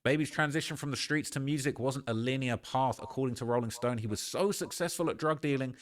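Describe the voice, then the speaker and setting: A man's voice: medium pitch, brisk. A man hosting a casual reaction show, giving slangy, opinionated commentary and often tagging lines with "all right?". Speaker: host.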